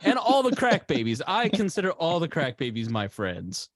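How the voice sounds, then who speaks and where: A man's voice: a little high, wildly swooping pitch, moderate pace, dry recording, studio quality. A man co-hosting a comedy podcast, teasing and sarcastic in casual banter.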